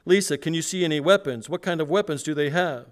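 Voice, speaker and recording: A man preacher reading aloud the questions of a calm female phone operator, in a steady, questioning way. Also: fairly high pitch, fast talker, voice pushed up, natural voice. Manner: steady, questioning, raised read-aloud delivery.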